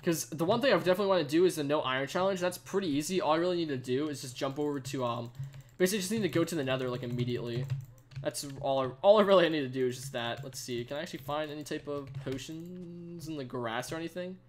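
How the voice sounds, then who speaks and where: A man's voice: on the high side, quick pace, a little hiss or hum. A young man giving chatty live commentary on a game he is playing, greeting viewers and using lots of fillers. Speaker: streamer. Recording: faint keyboard typing behind.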